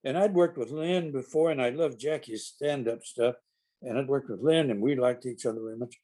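A man's voice: mid-range voice, fairly quick, warm tone. An older man, an actor, telling rambling anecdotes in conversation, with many restarts and acted-out quotes. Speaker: actor guest.

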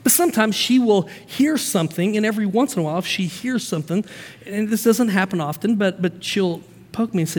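A man preaching a sermon as pastor, energetic and conversational, with asides and frequent restarts. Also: high-pitched, fairly quick, a little hiss or hum. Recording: long hall reverb.

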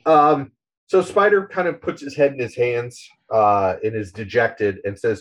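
A man's voice: medium pitch, a little slow, low-quality recording. A man co-hosting a podcast, casually retelling a comic story in an amused, chatty way. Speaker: podcast co-host.

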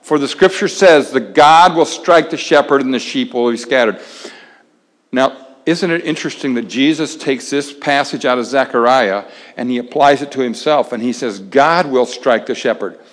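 A man preaching a sermon in a conversational way, pausing dramatically and dropping his voice very low for emphasis. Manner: conversational, dramatic pauses, drops to near-whisper for emphasis. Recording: long reverb of a large hall.

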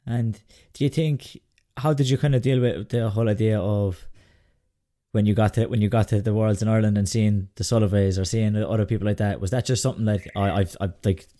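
Man, podcast host, lowish voice, mellow tone, halting questions. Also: steady tone. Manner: halting, restarts his questions. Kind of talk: interview questions.

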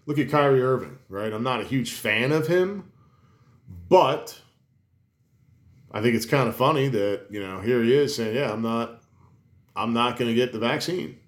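A man's voice: mid-range voice, moderate pace, pauses often. A man talks loosely and emphatically, stacking restarts and swearing as he rants. His voice sits in the middle range. The recording has a roomy echo. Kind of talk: casual chat.

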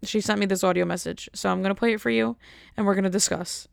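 A woman's voice: medium pitch, steady tone, fast talker, creaky, no room sound, clean studio sound. A woman chatting casually to her viewers, rambling and joking at her own expense. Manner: rambling, jokey, self-mocking. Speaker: vlogger. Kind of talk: casual chat to camera.

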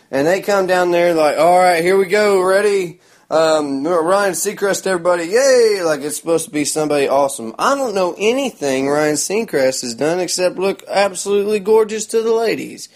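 A man, telling a rambling story in a sarcastic, crude, mocking way. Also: fairly high pitch. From Oklahoma. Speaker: vlogger.

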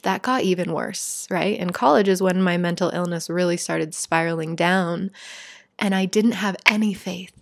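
A woman's voice: medium pitch, no room sound, studio quality. A woman talking earnestly and emotionally through a reflective spiritual monologue, chatty and heartfelt. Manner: earnest, emotional, conversational, many "like"s.

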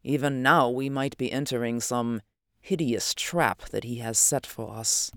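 A reader voicing an elderly scientist man who speaks in a grave, measured, thoughtful way in an audiobook reading. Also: medium pitch, no room sound, clean studio sound, natural voice.

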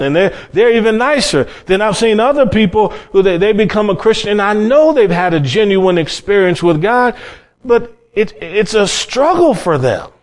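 A middle-aged man preaches a sermon from the pulpit in a folksy, storytelling way. His voice sits a little high for a man, and it swings from sudden emphatic bursts down to quiet asides. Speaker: pastor.

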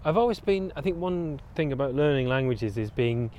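A man's voice: medium pitch, animated, normal speed, lo-fi sound, slight background noise. A middle-aged man from Bolton with a northern English accent, chatting as an interview guest, thoughtful and prone to restarting his sentences. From Bolton, England. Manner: thoughtful, with frequent restarts and self-corrections. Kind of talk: casual conversational interview.

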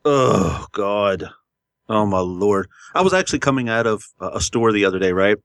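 A man co-hosting a podcast in casual, profane chat, blunt and quick to laugh. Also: lowish voice, clear, resonant tone, no room sound, studio quality. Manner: blunt, swears freely, laughs often. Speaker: podcast co-host. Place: podcast studio.

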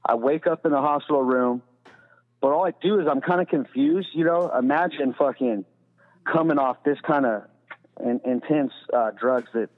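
Speaking at a moderate pace with a medium pitch, a man tells a rambling, profane story as a podcast guest, peppering it with "you know." The audio is tinny, like a phone, with long reverb.

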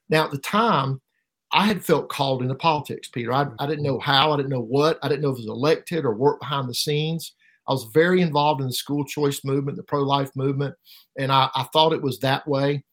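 A middle-aged man giving an emotional personal testimony as an interview guest, halting and repeating words, his voice rising sharply at painful moments. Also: mid-range voice, fairly bright tone. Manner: halting, repeats words, voice rises sharply when reliving pain.

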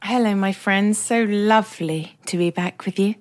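A woman's voice: medium pitch, normal speed, over music. A woman with an English accent hosting a solo podcast, talking in a candid, reflective way with self-deprecating humour. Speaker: podcast host.

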